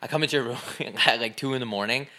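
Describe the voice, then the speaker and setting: A young man with a mid-range, pushed and bright voice talks at a quick pace as a podcast co-host. The casual chat is full of fillers as he tells crude, rambling jokes.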